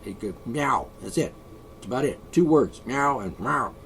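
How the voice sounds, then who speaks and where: A video blogger with a gravelly, medium-pitched voice and lively intonation delivers an opinionated, rambling monologue at normal speed. He's sarcastic and sighs often, with slight background noise in the recording.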